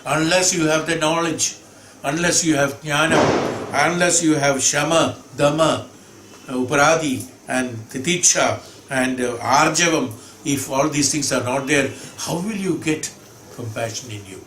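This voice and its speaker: A spiritual teacher with a fairly high, unhurried male voice gives a scripture discourse, emphatic, repeating phrases and posing rhetorical questions. The room is echoey, with a hum in the background.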